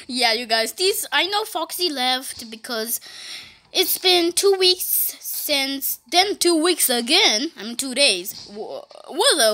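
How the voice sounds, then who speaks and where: A high, bright female voice that swoops up and down constantly. She hosts a casual gaming video, giggling often and chatting excitably. She keeps breaking into playful little voices for the characters. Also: slow, faint music behind. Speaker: gaming channel host.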